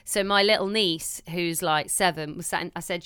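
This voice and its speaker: Bright, crisp-voiced woman telling stories. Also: fairly low pitch, moderate pace, few pauses, no room sound, clean studio sound. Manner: chatty storyteller who swears and acts out her own quotes. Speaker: podcast co-host. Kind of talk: casual chat.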